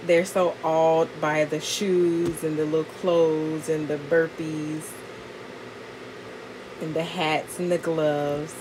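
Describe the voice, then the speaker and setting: A woman's voice: sits low, flat delivery, slow, background noise. A woman vlogger chatting casually with lots of fillers, narrating a gift unboxing. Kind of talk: casual vlog and voiceover narration.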